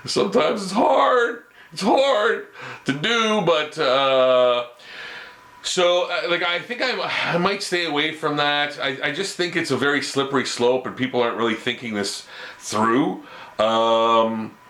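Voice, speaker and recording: A man's voice: medium pitch, steady tone, unhurried, sharp tone, roomy sound. A Canadian man ranting his opinions to camera, rambling and stammering through restarts. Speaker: vlogger.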